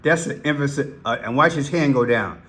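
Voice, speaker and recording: A man hosting commentary over played clips, talking slowly and deliberately and hammering single words by repeating them. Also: mid-range voice, a bit bright. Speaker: commentary channel host.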